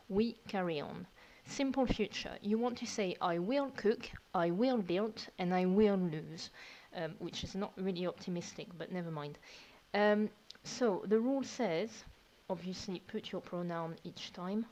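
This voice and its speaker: A woman's voice: medium pitch, a little slow, darkish tone, poor audio. A woman teacher, patiently explaining verb tenses step by step in a recorded lesson. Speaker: French teacher.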